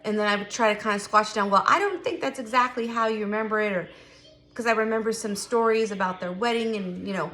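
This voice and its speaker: A woman's voice: mid-range voice, quick pace, sharp tone. A middle-aged woman chatting candidly to camera, emphatic and given to repeating herself. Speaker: vlogger. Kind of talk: casual chat to camera.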